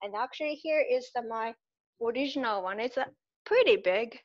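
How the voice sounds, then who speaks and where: A woman poet with a Japanese accent reading her poems aloud, measured and a little self-deprecating. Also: a little high, expressive, muffled recording. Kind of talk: poetry reading.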